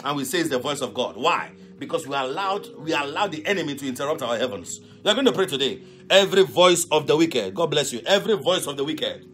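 High, lively man shouting prayer commands. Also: quick pace, hardly any pauses, soft background music. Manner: shouted commands and repeated declarations; speaks in tongues between prayers. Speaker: pastor leading a prayer line. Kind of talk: fervent live prayer sermon.

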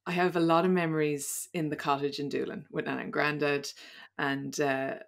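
Irish woman with a low, gravelly voice. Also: level tone, normal speed. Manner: rambling storyteller, laughs often. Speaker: podcast guest. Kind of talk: casual chat.

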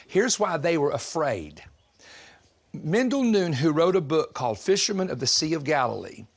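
Animated man preaching a humorous sermon. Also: fairly high pitch. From Southern United States. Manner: animated, humorous storytelling with frequent laughter.

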